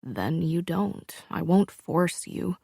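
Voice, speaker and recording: In an audiobook, a woman reads a young man who speaks low and hushed, calm and commanding. The voice has a gravelly edge and sits fairly low. The sound is dry and close. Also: measured pace, no echo, full character voice. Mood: low intimate.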